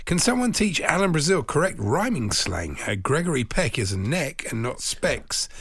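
A man's voice: fairly high pitch, big pitch swings, normal speed, fairly bright tone, slightly rough, dry recording, clean studio sound. A man co-hosting a radio sports talk show, chatting in an easygoing way and often chuckling. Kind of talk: casual radio banter.

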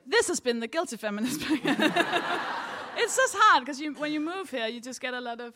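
A woman co-hosting a live comedy podcast on a theatre stage, casual and quick to laugh, swearing freely. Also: sits high, expressive, noisy background. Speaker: podcast co-host. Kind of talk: live comedy podcast chat before an audience.

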